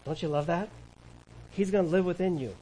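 A man preaching a sermon, animated, acting out quoted voices and asking the congregation questions. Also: high-pitched, a little fast, slight background noise, poor audio. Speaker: pastor.

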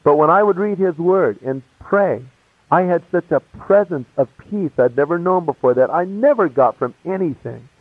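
A man's voice: a little high, normal speed, dry recording. A man casually and animatedly telling his conversion story, acting out the voices of the people in it. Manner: casual, animated, acts out every voice. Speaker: speaker giving a testimony. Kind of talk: storytelling testimony. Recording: tinny, phone-like, dry.

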